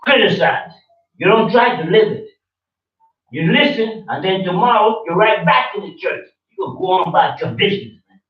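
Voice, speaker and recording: A man in his seventies, a religious teacher giving a sermon, preaching forcefully and repeating his points in a confrontational way. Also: sits high, animated, moderate pace. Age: 70s. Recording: roomy, distant, dull-sounding recording.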